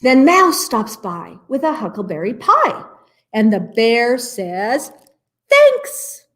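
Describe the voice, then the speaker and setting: A woman reading a rhyming picture book aloud for a library storytime, playful and expressive, with asides about the pages. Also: fairly high pitch, slow.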